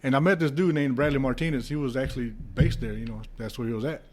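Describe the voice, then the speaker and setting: There's a little hiss or hum behind this fast-talking, medium-pitched man. A former heavyweight boxer on a podcast, he tells casual, animated stories with lots of swearing and laughing.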